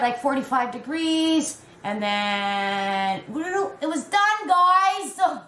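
A woman's voice: on the high side, a bit bright, reverberant. A Canadian woman chatting casually to camera at home, rambling and calling her viewers guys. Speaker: crochet vlogger. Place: at home in a warm room.

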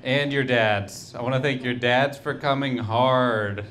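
A male stand-up comedian working through his set at an unhurried pace. His delivery rambles and halts, full of restarts and corrections, and his voice sits at an ordinary middle pitch. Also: fairly bright tone.

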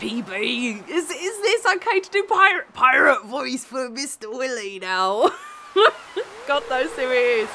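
Giggly, excitable woman gamer. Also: a little high, unhurried, slight background noise. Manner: giggly, excitable, self-mocking. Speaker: gaming channel host. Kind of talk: let's play commentary.

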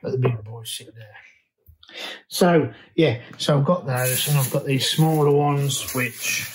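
A man's voice: mid-range voice, unhurried, slight background noise, low-quality recording. A man vlogging from his garden, chatting casually and thinking aloud with fillers and restarts. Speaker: allotment vlogger. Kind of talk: casual chat to camera.

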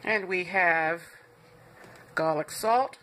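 A woman hosts a home cooking demonstration from her kitchen, chatty and reassuring as she talks straight to her viewers. Her voice sits a little low but comes across bright and forceful. A faint hiss of background noise runs under the recording. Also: very slow. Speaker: cooking show host.

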